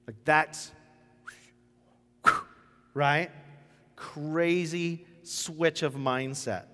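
A man preaching a sermon as a pastor, telling stories with animated acted quotes. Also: on the high side, drawn-out words, long pauses, in a large hall.

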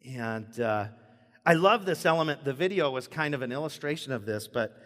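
A man preaching a sermon in a church, playful and animated, acting out stammering prayers. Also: medium pitch, moderate pace, big-room sound. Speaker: pastor.

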